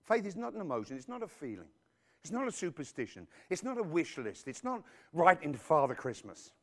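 A man preaching a sermon, emphatic and animated, throwing rhetorical questions at his congregation. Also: on the high side, fairly quick.

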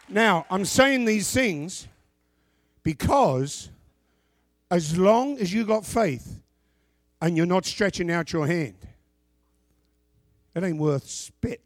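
High-voiced man preaching with big swings. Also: slow, long pauses, no room sound. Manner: animated preaching, swings from shouted scripture to low asides. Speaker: pastor. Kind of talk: sermon.

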